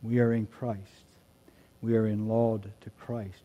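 A man preaching a sermon, moving between quiet reflective passages and loud emphatic shouts. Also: lowish voice, little pitch movement, unhurried, lo-fi sound. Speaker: pastor.

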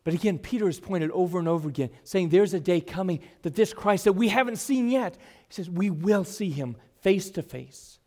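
A middle-aged man preaching a sermon to his congregation, earnest, swinging between full emphasis and soft, quiet asides. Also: high-pitched, animated, normal speed, few pauses. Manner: earnest, varies loudness widely, drops to soft asides. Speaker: pastor.

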